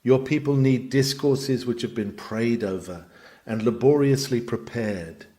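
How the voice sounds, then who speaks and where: A man's voice: mid-range voice, measured pace, mellow. A man reading a sermon aloud with a dramatic, emphatic delivery that swells and drops. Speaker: sermon reader. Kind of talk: read-aloud sermon narration.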